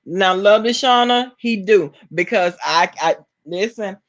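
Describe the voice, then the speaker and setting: A woman's voice: medium pitch, a little slow. Sassy Southern woman gossiping to chat. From Alabama. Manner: sassy, talks straight to chat, laughs often. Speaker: vlogger reading live chat. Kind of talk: casual live-stream gossip.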